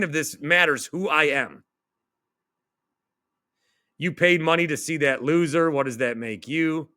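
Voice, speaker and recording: A middle-aged male radio host reading out online comments and firing back at them in a sarcastic, animated rant. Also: a little high, measured pace, clear, resonant tone, dry recording, clean studio sound.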